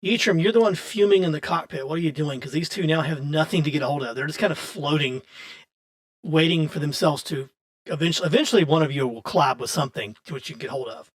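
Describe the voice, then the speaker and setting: A man with a slightly raised pitch runs a tabletop game as game master. His narration is loose and conversational, full of restarts and easy laughter. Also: fast talker. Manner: chatty, loose, often laughing, many restarts.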